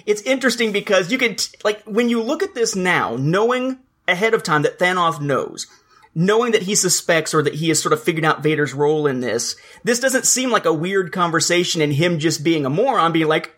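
A man's voice: a little high, normal speed, a bit bright. A man co-hosting a casual podcast, chatting about a comic book and reading its dialogue aloud with a bit of acting. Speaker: podcast co-host.

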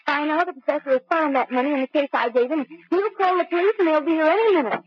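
Brief: woman as a genteel, flustered young lady, high voice, muffled old broadcast. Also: fast, slight background noise, lightly acted. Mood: defiant. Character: flustered, prim young woman stalling gangsters. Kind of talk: 1940s radio acting.

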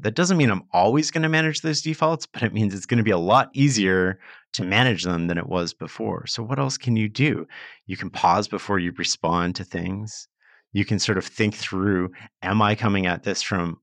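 A man's voice: lowish voice, a bit bright, no room sound. A man who is a guest on a podcast, giving advice in an earnest, explanatory way with plenty of casual fillers. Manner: earnest, explanatory, uses many fillers like "like" and "sort of". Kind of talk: conversational advice.

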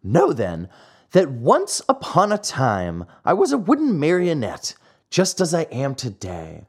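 A man voicing a lively boyish wooden puppet, telling his tale cheekily in a storybook reading. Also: fairly high pitch, a little slow, husky, exaggerated voice. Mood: cheeky.

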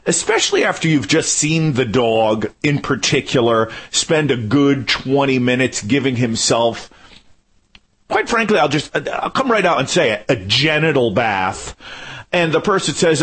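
A man's voice: mid-range voice, a little slow, breathy edge. A man doing a jokey radio monologue, ranting in mock disbelief. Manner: animated, incredulous, jokey ranting. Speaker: radio show regular segment host. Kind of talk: comic monologue.

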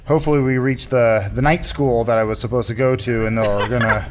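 A man speaking in character at a tabletop game, halting and conspiratorial with frequent stammers. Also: medium pitch, fairly even intonation, background noise. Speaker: player. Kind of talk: in-character tabletop role-play.

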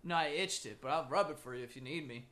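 A young man co-hosting a podcast from a makeshift home studio, joking loudly and crudely in casual banter. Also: a little high, quick pace. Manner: loud, joking, crude, animated. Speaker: podcast co-host.

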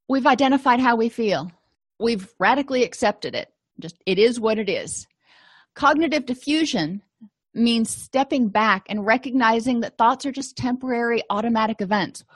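A woman's voice: medium pitch, dry recording. A woman counselor giving a conversational lecture, explaining ideas with everyday examples. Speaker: counselor and educator. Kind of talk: lecture-style teaching.

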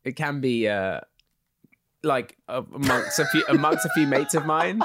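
A man in his thirties with an English accent, a guest actor talking in a relaxed, chatty way, full of filler words. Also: on the high side, normal speed, heavy background noise. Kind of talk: casual interview chat.

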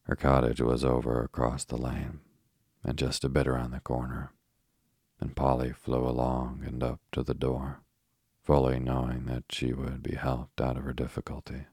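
Man, bedtime story narrator, monotone, dry close sound. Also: very deep voice, normal speed, breathy edge, dry recording. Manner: calm, even storytelling.

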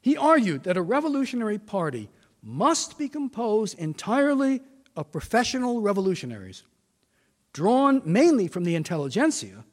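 An older man delivering a formal lecture in a large hall that rings with long reverb. His voice sits high for a man and moves animatedly up and down as he leans on quoted passages with measured emphasis. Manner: measured, reads quotations with emphasis.

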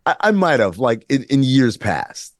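A man co-hosting a casual sports talk show, animated and sarcastic, often acting out quotes in mock voices. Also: mid-range voice, unhurried, dry recording, studio quality. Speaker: podcast co-host.

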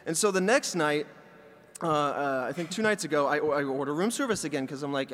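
A man co-hosting a casual podcast, telling a story with lively bits of mimicry. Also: a little high, fairly quick, long reverb tail. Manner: animated anecdote teller who mimics people. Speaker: podcast co-host.

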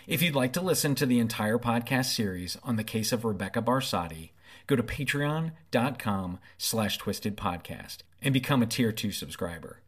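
A man, a podcast host, reading a scripted narration in a measured, announcer-like way. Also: mid-range voice, animated.

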